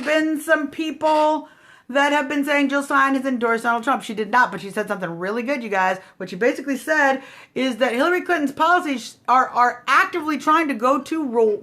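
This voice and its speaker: A woman's voice: high-pitched, moderate pace, pushed and bright. Snarky, combative woman livestream host. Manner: snarky, combative, talks straight to viewers. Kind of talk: casual political livestream chat.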